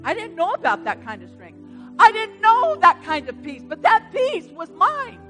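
A woman pastor preaching a sermon in a church, swinging from hushed storytelling to loud exhortation. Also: very high-pitched, wildly swooping pitch, moderate pace, faint music behind. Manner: dramatic swings from hushed to loud, retelling stories. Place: church sanctuary.

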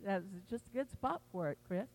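A woman pastor preaching a sermon, telling the story with animated quoted voices. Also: medium pitch, fairly quick, long reverb tail, slight background noise, low-quality recording.

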